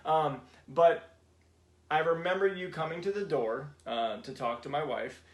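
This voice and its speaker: A man hosting a casual chat over whiskey, agreeable and quick to laugh. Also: a little high, reverberant. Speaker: podcast host.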